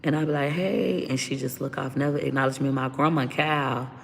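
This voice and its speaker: A woman speaks as an interview guest, blunt and profane as she airs her story. Her voice is deeply gravelly with constant fry and stays flat in pitch. The room adds a lingering reverb, with faint noise underneath. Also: brisk. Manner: blunt and profane, vents openly. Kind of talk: candid personal storytelling.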